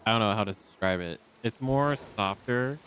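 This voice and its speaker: A man's voice: fairly low pitch, normal speed, fairly bright tone, a little hiss or hum. A man streaming a video game, chatting casually and rambling with many ums into a desk microphone. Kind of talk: casual live-stream chat. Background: faint game music.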